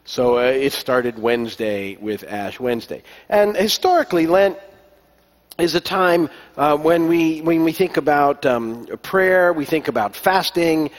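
Male pastor, fairly high voice, loose rambling sermon with ums and restarts, long hall reverb. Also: measured pace. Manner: relaxed storytelling with many fillers and restarts. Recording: long echo of a large hall.

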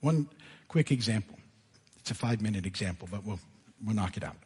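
A male pastor preaching a sermon in a conversational, animated way, laughing at himself as he goes. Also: lowish voice, brisk, breathy edge. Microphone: live sermon mic. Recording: church service audio.

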